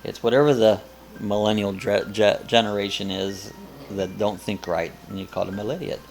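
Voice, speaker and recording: A man's voice: lowish voice, steady tone, moderate pace, vocal fry, darkish tone, faint music behind. An older man hosting a casual live chat, rambling and chuckling as he reads viewer comments aloud. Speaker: host of a live coffee chat.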